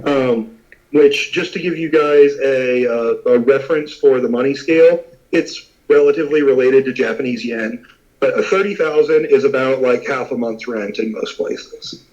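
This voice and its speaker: Guy running a tabletop game, mid pitch, rambly, dull lo-fi sound. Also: moderate pace, darkish tone. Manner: rambling, many fillers and restarts. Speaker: game master.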